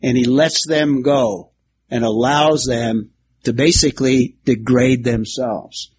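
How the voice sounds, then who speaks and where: Male preacher, mid-pitched, expository teaching with light banter, faint room noise. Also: fairly even intonation, slow, a little mellow. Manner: expository, uses a whiteboard and alliteration, jokes with the class. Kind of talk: sermon-style Bible teaching.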